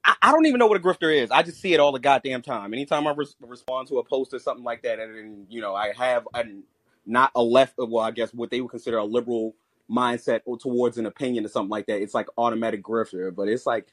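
A man calling in to a podcast, talking in an animated, sarcastic, rambling way. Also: mid-range voice, fast talker, no echo. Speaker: caller. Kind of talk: call-in discussion.

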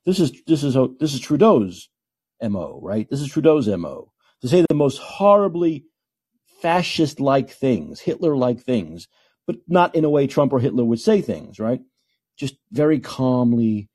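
A man's voice: medium pitch, very animated, a little slow, mellow, husky. A man hosting a call-in podcast, ranting emphatically and repeating himself for effect. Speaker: podcast host.

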